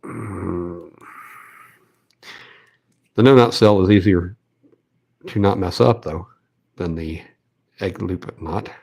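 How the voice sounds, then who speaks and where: A man's voice: low voice, slow pace, vocal fry, long pauses, darkish tone. A man hosting a fishing channel, chatting casually while tying rigs, rambling with lots of fillers and restarts. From American South. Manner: rambling, self-deprecating, many fillers and restarts.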